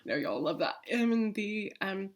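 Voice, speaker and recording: A woman's voice: medium pitch, very animated, moderate pace. Chatty woman vlogging at home. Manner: chatty, laughs often, swears freely. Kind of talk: casual chat to camera. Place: room in her apartment.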